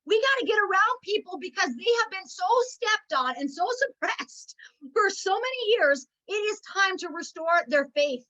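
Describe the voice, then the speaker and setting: A woman's voice: extremely high pitch, moderate pace, hardly any pauses, sharp tone, dull audio. A middle-aged woman giving an emotional, preachy motivational talk at a network marketing meeting. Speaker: network marketing team leader.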